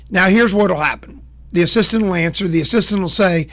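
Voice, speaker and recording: A man's voice: high-pitched, brisk, a bit bright. A man teaching sales in a plain-spoken, folksy way, walking through steps and acting out short exchanges. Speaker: sales trainer. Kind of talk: instructional talk to camera.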